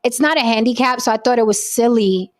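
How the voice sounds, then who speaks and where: Woman, host, casual chat, blunt, opinionated, swears, slightly high pitch. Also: fairly quick. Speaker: podcast host.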